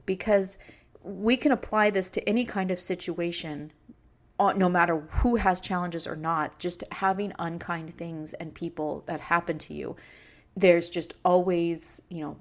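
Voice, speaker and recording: A middle-aged woman hosting her own podcast speaks earnestly and emotionally about kindness and her children. Her voice is fairly low in pitch with a darkish tone.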